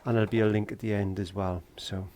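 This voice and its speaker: A man's voice: fairly low pitch, flat delivery, fast talker, a little mellow, slight background noise. Chatty man teaching painting. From Wales. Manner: chatty, jokey, talks to himself while working. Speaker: painting tutor. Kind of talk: casual painting tutorial. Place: garden shed.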